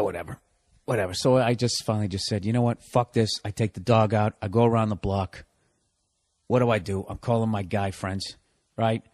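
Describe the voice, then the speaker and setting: A man's voice: mid-range voice, no echo. A man in his forties hosting a solo podcast, ranting with profane sarcasm. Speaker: podcast host.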